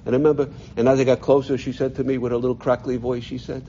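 Speaking quickly in a warm, steady, medium-pitched voice, a middle-aged man shares his life story with a gathering. He's earnest, frequently restarting and repeating words as he looks for them, on a dull lo-fi recording with a little hiss or hum.

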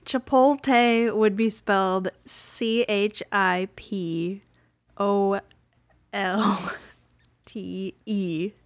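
A woman co-hosting a podcast, answering in dry, unhurried casual banter. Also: medium pitch, fairly even intonation, no room sound. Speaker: podcast co-host.

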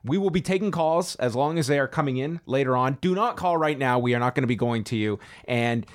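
A man's voice: mid-range voice, lively intonation, brisk. A man co-hosts a podcast in loose, casual chat, his humor dry and sarcastic. His voice sits in an ordinary middle range. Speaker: podcast co-host.

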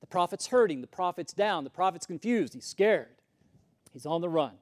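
A man preaching a sermon, moving from loud emphasis to hushed whispers and often repeating words as he starts a sentence. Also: high voice, expressive, normal speed. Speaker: pastor.

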